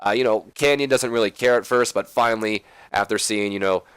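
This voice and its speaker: A man's voice: fairly low pitch, steady tone, brisk, a bit bright, clear, resonant tone, dry recording. A man hosting a let's play, giving loose, chatty game commentary with lots of filler.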